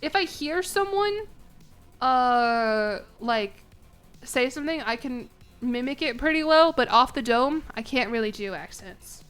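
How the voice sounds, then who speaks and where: A woman's voice: sits high, expressive, a little slow, a bit bright, smooth, soft background music. Chatty sarcastic young woman streamer. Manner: chatty, sarcastic, swears casually. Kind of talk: casual gameplay livestream chat.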